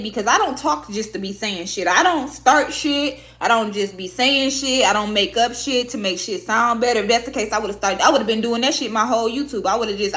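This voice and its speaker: Her voice is a little high with a fairly bright tone. In a casual, candid talk with viewers, this woman vlogger gets emotional and heartfelt about herself, bluntly and with lots of profanity.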